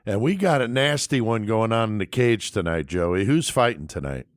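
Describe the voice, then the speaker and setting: A man's voice: fairly low pitch, lively intonation, normal speed, dry recording. Male podcast host, profane and eager, dry booth sound. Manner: crude, enthusiastic, drives the segment. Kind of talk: casual podcast banter.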